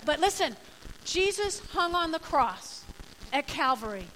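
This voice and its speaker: Woman pastor, high bright voice, lively conversational sermon, slips into quoted voices. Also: a little fast, slight background noise, rough recording.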